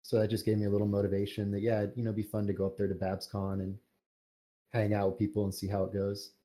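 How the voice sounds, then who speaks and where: A man's voice: fairly low pitch, fast. A young man, a podcast guest who writes fan fiction, talking casually and rambling with lots of fillers. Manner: relaxed, rambling with many fillers. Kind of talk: casual interview chat.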